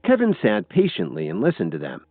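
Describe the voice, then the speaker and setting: A man narrating a scripted audiobook story in an expressive storytelling manner. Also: fairly low pitch, brisk, dry recording. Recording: tinny phone-like audio with faint music.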